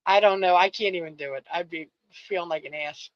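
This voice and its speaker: A woman's voice: fairly low pitch, fairly quick, dry recording. Give me an exclamatory, giggly woman co-host on dull, dry audio. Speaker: co-host of a poetry show. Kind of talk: casual chat.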